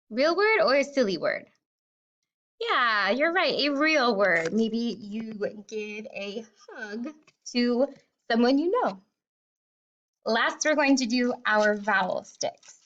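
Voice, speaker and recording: A woman's voice: fairly high pitch, very animated, takes it slowly, fairly bright tone, lo-fi sound. A woman teaching kindergarten children a phonics lesson, sounding out words one sound at a time.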